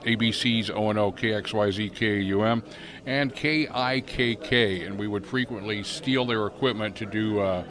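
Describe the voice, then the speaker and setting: A man's voice: lowish voice, normal speed. A man, a former chief engineer, interviewing an old colleague in a genial, teasing way at an outdoor reunion. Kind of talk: casual interview chat. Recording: crowd chatter outdoors.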